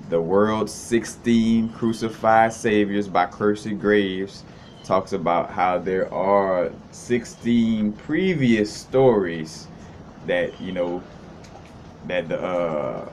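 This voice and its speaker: A man's voice: sits low, darkish tone, slight background noise. A man hosting a casual unscripted video monologue, explaining ideas in a meandering, loose way.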